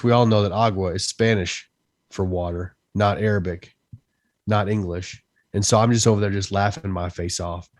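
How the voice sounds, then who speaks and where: Low-voiced man recalling a patrol story. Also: no room sound. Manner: relaxed storyteller, laughs at his own tale. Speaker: podcast co-host. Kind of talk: casual veterans' podcast chat.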